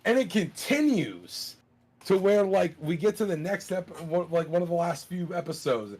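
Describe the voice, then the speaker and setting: A slightly higher-pitched man with a husky edge tells a story in a loose, swearing-heavy podcast chat. His pitch swings widely as he builds up each turn. He leans on "like" constantly. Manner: animated, profane retelling, heavy filler "like".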